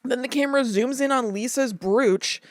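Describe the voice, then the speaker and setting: Recapping a cartoon episode with her podcast co-host, this young woman gets animated and emotional, both laughing and crying as she tells it. She speaks at a moderate pace in a high voice, and the studio recording is clean and echo-free.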